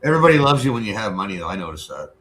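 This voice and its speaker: A man's voice: lowish voice, sing-song, rapid-fire, crowd noise. A man chatting casually and bluntly, swearing often and getting worked up as he talks, at home. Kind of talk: casual profane chat.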